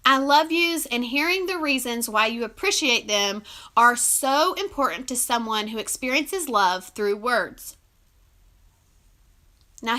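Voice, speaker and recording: Bright, high-voiced emotional woman vlogger. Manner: warm, emotional, giggly, earnest. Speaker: relationship advice vlogger. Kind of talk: casual heartfelt talk to camera.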